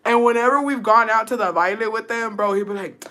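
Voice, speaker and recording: Her voice sits on the high side with a sharp edge. She's a streamer from Texas recounting a story to her chat, cursing freely, moving between English and Spanish and laughing quickly.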